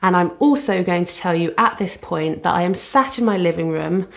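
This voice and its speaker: A young woman vlogs to camera from the living room at the front of her house, with traffic audible outside. Her voice is fairly low, gravelly and expressive at a moderate pace, and she rambles in a self-deprecating way.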